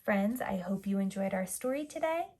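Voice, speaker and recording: A preschool teacher, a woman, reading a storybook aloud to young children in an expressive, gentle way. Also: mid-range voice, moderate pace, slight background noise.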